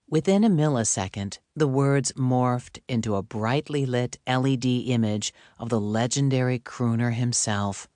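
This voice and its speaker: Slow, deliberate woman narrator. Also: a bass voice, darkish tone, no echo, studio quality. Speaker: audiobook narrator. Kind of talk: scripted narration.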